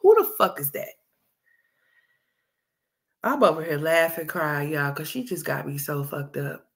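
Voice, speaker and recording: A woman's voice: sits low, measured pace. Brash, foul-mouthed woman commentator. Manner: brash, profane, loud laughing rants. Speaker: commentary host. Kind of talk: reaction commentary.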